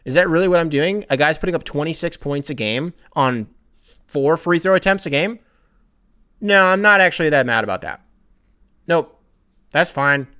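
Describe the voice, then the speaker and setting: A man's voice: on the high side, animated, normal speed, pauses often, bright, forceful tone, clean tone. A young man hosting a sports podcast, ranting casually with profanity, rambling asides and self-corrections.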